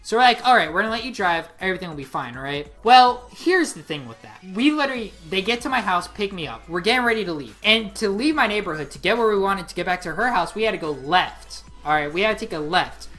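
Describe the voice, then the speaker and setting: A young woman in her late teens telling a story on her vlog, excitable and rambling, with lots of "like" fillers. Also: medium pitch, a little fast, few pauses. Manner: excitable, rambling, heavy use of 'like'. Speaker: vlogger. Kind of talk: casual storytelling.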